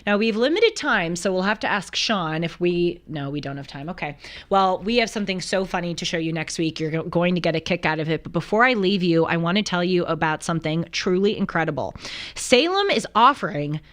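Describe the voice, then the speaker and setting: Woman talk host, slightly low-pitched, lively and chatty with laughing asides. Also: fairly quick. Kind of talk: casual commentary with scripture reading.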